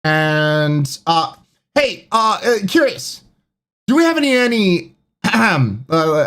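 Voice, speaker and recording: A man's voice: high-pitched, very animated, slow, a bit bright. A man streaming live, chatting casually, reading out chat and rambling with lots of fillers. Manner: rambling, reads chat aloud, many fillers.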